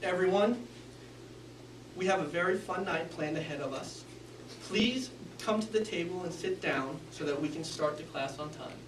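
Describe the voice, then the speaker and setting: A man playing a hurried, mumbling caller who speaks in a monotone, in an echoey room. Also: sits high, noisy background, close to an everyday voice. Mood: flat. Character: rushed mumbling man calling his cable company. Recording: echoey room, mic from a distance.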